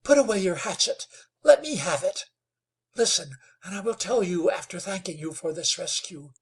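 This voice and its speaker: A man's voice: high voice, lively intonation, moderate pace, slightly rough, pitched above the performer's own voice. A man voicing a young frontier woman who pleads earnestly for mercy. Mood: pleading.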